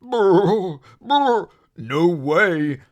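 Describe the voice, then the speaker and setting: A man voicing a slow, gentle, friendly big bear. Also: medium pitch, huge pitch swings, exaggerated voice. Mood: shivering. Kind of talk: storybook read-aloud.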